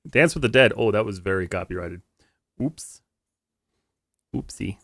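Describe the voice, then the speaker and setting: A man's voice: lowish voice, lively intonation, measured pace, a bit bright, no room sound. A man chatting casually on a live stream, rambling and joking while reading chat aloud. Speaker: livestreamer. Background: music playing on stream.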